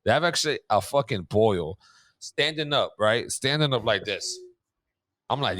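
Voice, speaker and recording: A man co-hosting a casual podcast chat tells funny everyday stories about being a father, swearing freely and laughing easily. His pitch is fairly low, his intonation lively, and his unhurried delivery sounds pushed and bright.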